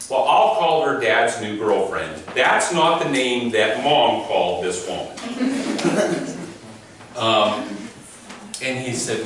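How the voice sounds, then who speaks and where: A teen court coordinator tells stories to teens and parents in a medium-pitched, slightly bright voice, speaking slowly but expressively. Chatty and amused, he laughs through his anecdotes, recorded from far off in an echoey room with faint noise.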